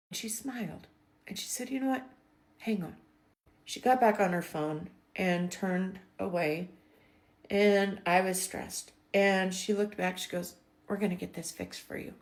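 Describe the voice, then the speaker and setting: A middle-aged woman telling a personal spiritual story in a vlog, emotional and expressive, dropping to whispers and rising into excited bursts. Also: on the low side.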